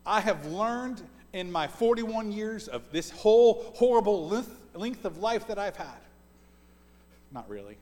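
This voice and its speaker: High-voiced preacher in his forties, echoing church. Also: big pitch swings, unhurried, a little mellow. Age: 40s. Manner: earnest, repeats words when building a point. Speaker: pastor. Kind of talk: sermon. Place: church sanctuary. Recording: long church reverb.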